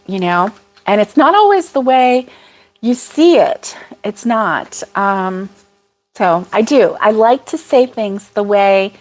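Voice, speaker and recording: A woman hosting a casual livestream chat, chatty and apologetic, laughing often as she reads viewer comments. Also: mid-range voice. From United States.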